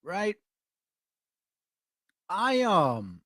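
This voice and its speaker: A man's voice: sits high, wildly swooping pitch, very slow, a bit bright, no echo, clean studio sound. A man, hosting a blunt, confrontational and profane commentary for viewers. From Mexico. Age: 40s. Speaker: channel host.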